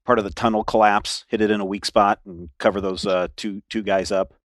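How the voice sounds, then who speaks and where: A man playing a tabletop game, asking quick questions to the game master. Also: fairly low pitch, flat delivery, dry recording, clean studio sound. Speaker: player.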